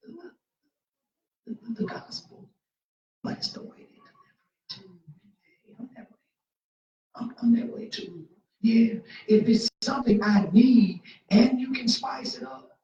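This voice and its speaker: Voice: mid-range voice, a little mellow. Passionate folksy preacher in an echoey church. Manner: speeds up and cuts in when passionate. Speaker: Bible study teacher. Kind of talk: preaching at a church Bible study. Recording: very echoey church room, mic far off, dull sound.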